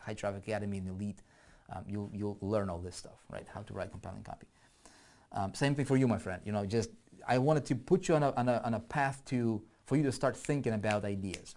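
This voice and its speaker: A man's voice: lowish voice, a little mellow. A man teaching online marketing in a casual screen-share walkthrough, thinking aloud and often checking in with "right?".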